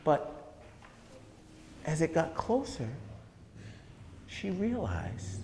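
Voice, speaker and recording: A male storyteller spinning a folk tale at an unhurried pace, leaning on dramatic pauses and dropping to hushed asides. The recording sits in an echoey hall with a long reverb and faint noise. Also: a little high, very animated.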